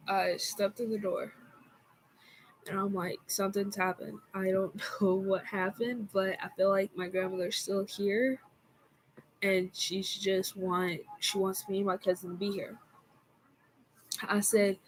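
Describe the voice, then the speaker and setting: A woman telling a personal story in a casual vlog, in a soft, halting way with frequent fillers. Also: medium pitch, slight background noise, low-quality recording. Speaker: vlogger.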